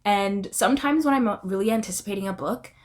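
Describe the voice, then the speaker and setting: A woman's voice: medium pitch, brisk. A young adult woman talking casually and emphatically as a book vlogger reviewing her reads. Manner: expressive, emphatic, often adds "okay?".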